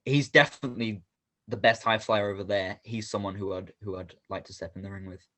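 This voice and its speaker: Soft-spoken man, hesitant guest. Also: lowish voice, steady tone, a little fast. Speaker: professional wrestler, guest. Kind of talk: casual interview answers.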